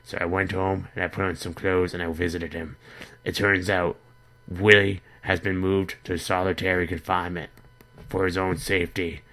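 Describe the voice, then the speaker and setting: A man telling an absurd story in a deadpan, rambling comic monologue, with stammering restarts. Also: low voice, moderate pace. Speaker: comedy vlogger in character.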